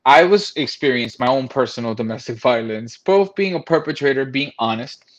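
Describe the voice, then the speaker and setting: A man's voice: mid-range voice, expressive, moderate pace, muffled recording. A man frankly telling a personal story, blunt and profane, acting out what others said. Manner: frank, profane, acts out quoted voices.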